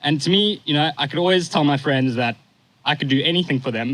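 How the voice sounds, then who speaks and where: Poor audio captures a young man in his twenties giving his stepfather's eulogy. In a medium-pitched, fairly bright voice, he tells a story casually and falteringly, pausing occasionally to compose himself.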